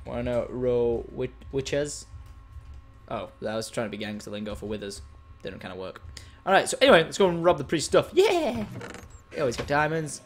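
A man's voice: mid-range voice, fairly even intonation, quick pace, a bit bright. A man giving casual commentary while playing a game, joking around and slipping into mock gangster talk. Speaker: gaming YouTuber.

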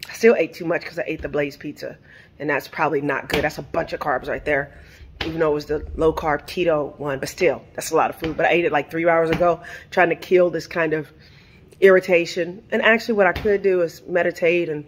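A middle-aged woman vlogging casually from her kitchen, ranting in an animated, exasperated way and firing off rhetorical questions. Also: fairly low pitch, brisk, a little hiss or hum. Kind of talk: casual vlog rant. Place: home kitchen.

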